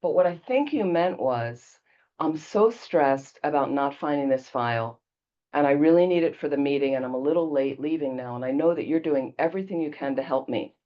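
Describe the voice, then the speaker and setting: A woman quoting a calm wife who gently soothes her stressed husband, speaking slowly and evenly. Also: low voice, dull audio, close to an everyday voice. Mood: calm, gentle.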